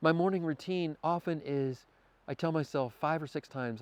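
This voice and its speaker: A man's voice: on the high side, moderate pace. A man talking as a podcast guest, earnest and spiritual in manner, sometimes stammering as he thinks aloud. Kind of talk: casual conversation.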